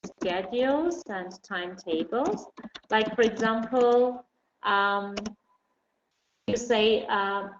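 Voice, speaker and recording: A woman teaching an online English lesson. She explains patiently and slowly, with many fillers. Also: mid-range voice. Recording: dull roomy recording, faint noise.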